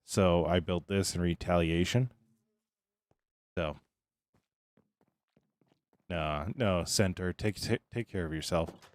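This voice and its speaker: A man streaming live, chatting casually and greeting viewers by name, tired and relaxed. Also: low-pitched, slow, long pauses, no echo.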